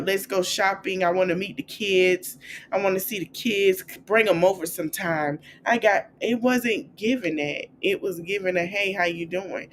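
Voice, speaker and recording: A woman hosting a podcast, recapping celebrity gossip in a chatty, animated way and acting out quotes in a high, playful voice. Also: slight background noise. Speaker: podcast host.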